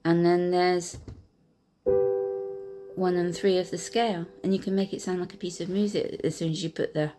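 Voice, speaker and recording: A woman with a slightly low voice reminisces in a gentle, unhurried way. She is a piano teacher who pauses often and fills gaps with soft fillers as she goes. Clear piano music plays behind her. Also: flat delivery. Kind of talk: reflective personal storytelling.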